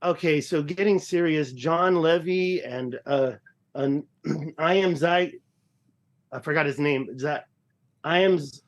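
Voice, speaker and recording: A man in his fifties with a slightly raised pitch, talking loosely as a podcast guest. He rambles and jokes at his own expense, restarting sentences as he goes. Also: slow. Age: 50s. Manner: joking, rambling, self-deprecating. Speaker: guest explorer and researcher. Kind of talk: casual podcast chat.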